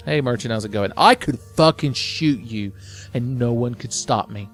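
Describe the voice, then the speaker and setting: A man's voice: mid-range voice, moderate pace, faint music behind. A man giving casual gameplay commentary as a let's play host, rambling with sarcasm and constant swearing.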